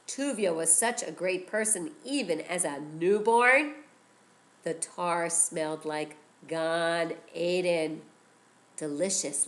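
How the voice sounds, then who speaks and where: A woman teacher telling a story to children in an animated way, often drawing her young listeners in. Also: on the low side, rough recording. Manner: animated, addresses listeners with "guess what".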